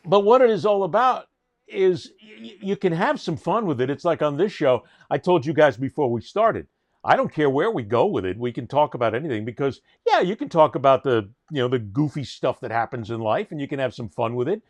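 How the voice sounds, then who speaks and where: Animated, emphatic male show host. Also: a little high, brisk. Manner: emphatic storyteller, indignant. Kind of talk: casual panel chat.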